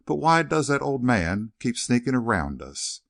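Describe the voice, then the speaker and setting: An earnest, tender young woman asks her questions in a lifted, lively voice, as a man reads her in an audiobook. The sound is dry and close to the mic, with no room around it. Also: medium pitch, a little slow, gravelly, no room sound. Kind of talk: audiobook character reading.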